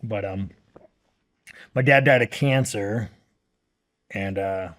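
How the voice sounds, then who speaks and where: Blunt, profane man, lowish voice. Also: slow pace, a bit bright. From United States. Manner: blunt and heavily profane, rambling with fillers. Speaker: podcast guest. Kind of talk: casual long-form interview talk.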